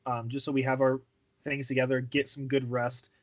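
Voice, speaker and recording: A man's voice: mid-range voice, level tone, normal speed. A man playing a tabletop game, patiently coaxing another character as if talking to a child. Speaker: player. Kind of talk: casual tabletop game chat and in-character talk.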